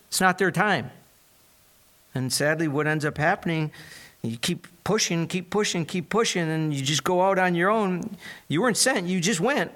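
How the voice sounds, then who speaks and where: Male pastor, slightly higher voice, earnest conversational preaching with scripture reading. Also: fairly bright tone. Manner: retells scripture with acted-out quotes, earnest and conversational. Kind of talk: sermon with Bible reading.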